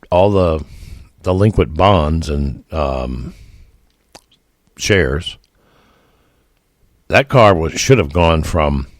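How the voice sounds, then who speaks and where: Man, deep voice, folksy opinionated podcast commentator, emphatic, dry recording. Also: no room sound. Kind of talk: opinionated solo monologue.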